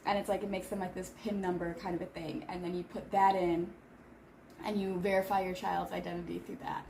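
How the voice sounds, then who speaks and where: A woman's voice: fairly low pitch, flat delivery, a little fast, dark tone, slight background noise. A woman in her thirties chatting casually on a vlog while eating, rambling with lots of filler words. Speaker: vlogger. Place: home in Seoul.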